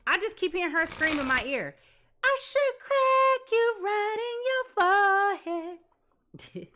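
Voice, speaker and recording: A woman giving a live tarot reading to her viewers, talking in an animated, dramatic way. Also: high-pitched. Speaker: tarot reader.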